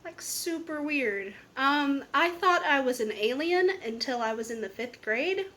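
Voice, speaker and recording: A young woman talking to her camera in a loose, candid way, with plenty of fillers and quick asides. Her voice sits a little high for a woman. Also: lively intonation, a bit bright. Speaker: book vlogger. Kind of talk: casual chat answering tag questions.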